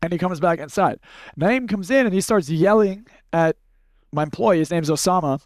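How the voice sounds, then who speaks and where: A man's voice: high-pitched, expressive, moderate pace, no echo. A young man giving a casual seminar talk to an audience, blunt and profane, telling stories and acting out what people said. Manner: blunt, profane, storytelling with acted-out quotes. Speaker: speaker teaching a live audience.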